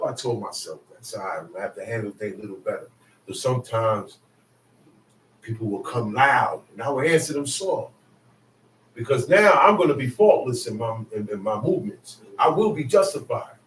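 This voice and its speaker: A man preaching a sermon in a casual, conversational way, now and then rising to shouts for emphasis. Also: medium pitch, very animated, moderate pace, a little hiss or hum. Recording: roomy, mic at a distance.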